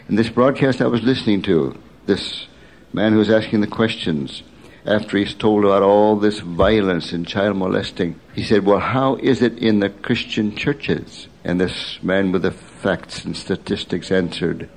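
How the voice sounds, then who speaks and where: A man's voice: fairly low pitch, slight background noise. Older male pastor preaching a story-filled sermon. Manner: storytelling, swinging between bursts of excitement and slow hushed emphasis.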